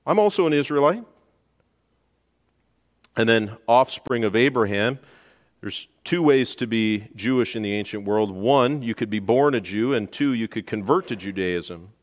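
A man's voice: normal speed, long reverb tail. A man preaching a verse-by-verse sermon as pastor, who lifts his voice sharply to stress key points. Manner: emphatic, rises in pitch and volume to stress points. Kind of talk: expository sermon.

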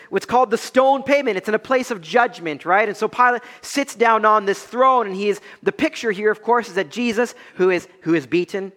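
Man preaching, bright tense voice, emphatic rises and drops, long hall reverb. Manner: emphatic preaching, swinging between loud high peaks and low quiet stretches. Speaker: pastor. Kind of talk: expository sermon.

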